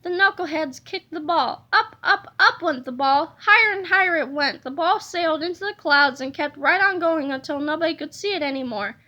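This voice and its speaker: A woman reading a children's storybook aloud in a lively, playful way, adding sound effects. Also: high voice, moderate pace, few pauses, muffled recording. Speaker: reader of a children's book.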